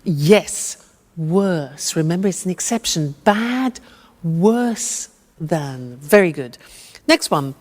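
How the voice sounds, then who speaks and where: A woman teaching English at a deliberately unhurried pace, spelling out each form clearly and patiently. Her voice sits a little low and carries a long reverb tail. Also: lively intonation, a little mellow. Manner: patient, over-enunciated, prompting. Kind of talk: slow, drilled language lesson.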